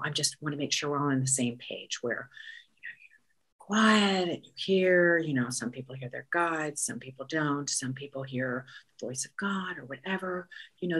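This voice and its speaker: A woman's voice: low voice, slightly rough. A middle-aged woman performing a chatty, exasperated comic monologue aimed at the divine, with whispered asides. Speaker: comedic monologist.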